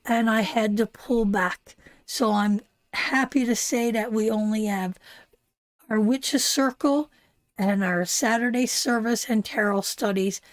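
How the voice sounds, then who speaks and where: A woman's voice: on the high side, steady tone, a little slow, no echo. An older woman from Newfoundland with a Newfoundland accent, hosting a live tarot stream in casual, affectionate talk and calling viewers darling and sweetheart. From Newfoundland, Canada.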